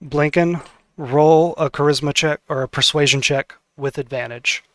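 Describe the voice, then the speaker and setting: A man running a tabletop game, narrating scenes and calling for dice rolls in a somewhat high voice. He often hesitates with fillers, and the sound is dry and close-miked. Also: fairly even intonation, moderate pace, a bit bright, no echo. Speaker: game master.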